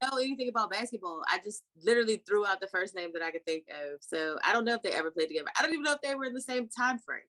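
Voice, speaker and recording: A woman's voice: mid-range voice, lively intonation, rapid-fire, few pauses, fairly bright tone. A woman co-hosting a podcast in casual chat, laid-back and self-deprecating. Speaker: podcast co-host.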